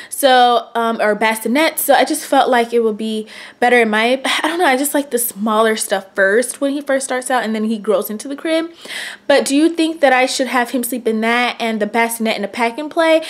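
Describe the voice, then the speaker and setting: A pregnant young woman rambling in a casual vlog, cranky and stressed. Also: on the high side. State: pregnant and tired. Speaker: vlogger.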